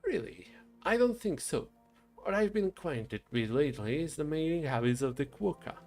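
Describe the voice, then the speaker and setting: A man doing a flighty, posh eccentric gentleman. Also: fairly high pitch, expressive, normal speed, soft background music, pitched above the performer's own voice. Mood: whimsical. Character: eccentric rambling gentleman obsessed with animals.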